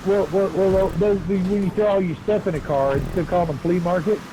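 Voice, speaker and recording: A man's voice: sits high, fairly even intonation, fast. Laid-back man streaming. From Southwest Virginia, USA. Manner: laid-back, rambling, folksy. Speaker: streamer and race host. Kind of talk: live game stream commentary. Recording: game car noise behind voice.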